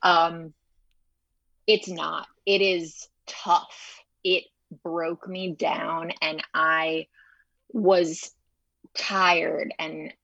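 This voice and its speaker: A young woman from Chicago, a chef and TV host, tells her career story as an interview guest. She talks fast and animated, with a fairly low voice for a woman, recorded dry and a little dull. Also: creaky, no echo. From Chicago, United States. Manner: fast, animated, acts out quoted dialogue.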